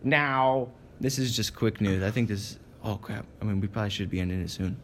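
A man's voice: lowish voice, a little fast, slight background noise. A young man co-hosting a casual podcast, rambling and laughing often. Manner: giggly, rambling, lots of laughing. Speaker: podcast co-host. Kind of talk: casual chat.

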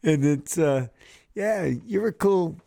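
A man's voice: on the high side, slow pace, vocal fry, mellow. A man hosting a radio show, chatting casually and swearing as he tells stories. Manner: profane, laughing storyteller. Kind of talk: casual chat.

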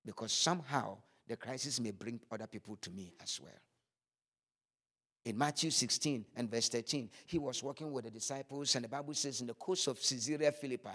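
A man's voice: medium pitch, a bit bright. A man preaching a sermon, acting out scripture scenes with vivid voices, then turning earnest.

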